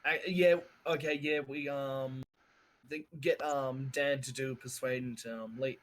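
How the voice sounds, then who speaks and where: A man's voice: medium pitch, steady tone, measured pace. A man playing in a tabletop game, chatting casually and thinking aloud hesitantly. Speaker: player.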